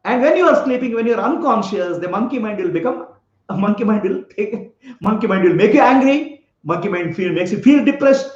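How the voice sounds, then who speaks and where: This spiritual teacher's voice sits high, with an expressive, slightly fast delivery and a darkish tone. He tells a parable, quizzes his listeners and laughs a lot, captured in an echoey room on slightly dull lo-fi audio.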